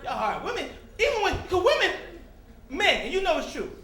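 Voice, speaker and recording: A man doing a stand-up comedy set, animated, talking straight to the crowd and slipping into loud character voices. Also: very high voice, a little fast, echoey room. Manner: talks directly to the crowd. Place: comedy club stage.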